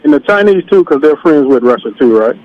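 A man's voice: fairly high pitch, animated, brisk. A man calling in to a radio show, asking hesitant, rambling questions. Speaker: caller. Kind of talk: call-in question. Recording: dull phone-in line.

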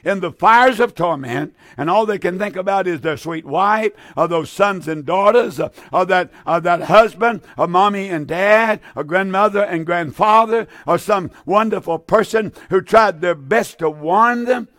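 A fervent man preaching with a high, urgent voice. He challenges his listeners directly and circles back over his own phrases. The sound is dry and close, with no room around it. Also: measured pace, few pauses, a bit bright, dry recording. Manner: fervent, repeats phrases, stammering restarts. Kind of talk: fiery sermon.

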